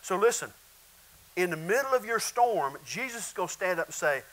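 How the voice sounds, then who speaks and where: A man's voice: high voice, expressive, normal speed, fairly bright tone, low-quality recording. A male pastor preaching a sermon in an emphatic, repetitive way, often calling out to the congregation.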